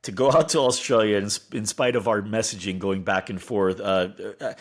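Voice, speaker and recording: Low-voiced American podcast host. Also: male voice, a little fast. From United States. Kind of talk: casual podcast chat.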